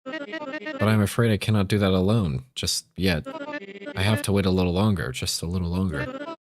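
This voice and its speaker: A desperate, controlling witch teacher pleads for help with a ritual, read aloud by a man in his own deep voice. The delivery is plain game-dialogue reading rather than a full character voice. Faint music plays underneath. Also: big pitch swings, moderate pace. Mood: pleading.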